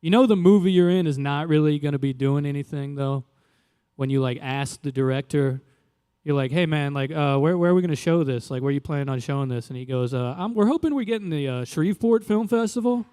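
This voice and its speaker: A young adult man from Louisiana doing a stand-up comedy set in a loose, conversational way, jumping into animated quoted voices. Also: mid-range voice, a little fast, clear, resonant tone, big-room sound. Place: live comedy venue.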